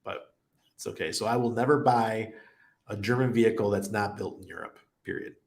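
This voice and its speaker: Male streamer, middle-aged, low voice, rambly and laughing, echoey room. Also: fairly quick, vocal fry. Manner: rambling anecdotes, laughs often. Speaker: crypto livestream host. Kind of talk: casual livestream chat, reading viewer comments. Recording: roomy echo.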